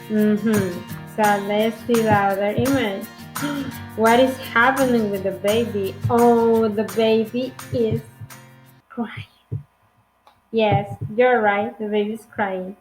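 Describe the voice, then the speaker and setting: A woman from Honduras with a Honduran Spanish accent, teaching an online English lesson with slow, clear speech and playful acted examples. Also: medium pitch, rough recording.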